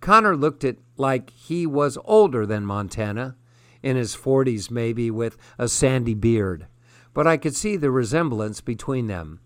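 A man narrating a first-person story in a measured, steady way. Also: mid-range voice, dry recording, clean studio sound. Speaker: audiobook narrator.

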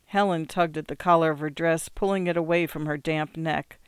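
An audiobook narrator reading literary fiction in a steady, measured way. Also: mid-range voice, smooth, dry recording. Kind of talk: scripted narration.

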